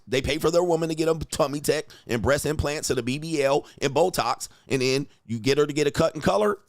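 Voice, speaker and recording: A man's voice: medium pitch, no room sound. Blunt, crude man mocking on a dry mic. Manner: blunt, crude, mocking, acts out quoted voices. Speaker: host reacting to video clips. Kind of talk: profane commentary on relationships.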